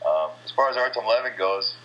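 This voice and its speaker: American man, fighter, low forceful voice, blunt trash-talk, dull lo-fi radio sound. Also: lively intonation, brisk. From USA. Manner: blunt, rambling, trash-talking. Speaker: kickboxing fighter and interim champion. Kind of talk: casual interview answers.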